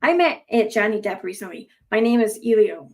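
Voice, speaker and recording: A woman's voice: mid-range voice, animated, brisk. A young adult woman reading online posts aloud and adding rambling, sarcastic commentary full of fillers.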